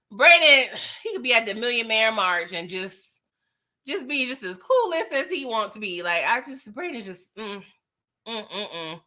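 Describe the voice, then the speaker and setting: A woman's voice: on the high side, expressive, moderate pace, sharp tone. A woman hosting a casual TV recap, chatting playfully with viewers and acting out characters' lines. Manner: chats with live viewers. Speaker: TV recap host. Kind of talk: casual recap and review chat.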